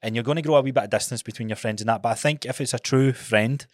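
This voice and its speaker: A man's voice: medium pitch, fast talker, no echo, clean studio sound. Blunt, sweary Scottish man. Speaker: podcast co-host. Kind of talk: casual podcast chat.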